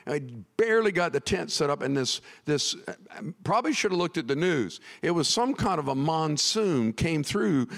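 A middle-aged male pastor telling a comic story in a sermon, animated and prone to sudden shouts. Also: a little high, moderate pace, creaky, big-room sound.

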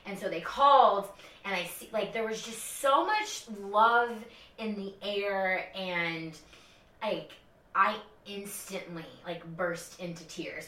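A young woman telling a personal story in casual podcast chat, animated and full of fillers. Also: takes it slowly, far from the mic. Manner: animated, many fillers, high-pitched quoted voices. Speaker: podcast co-host. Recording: echoey room, off-mic.

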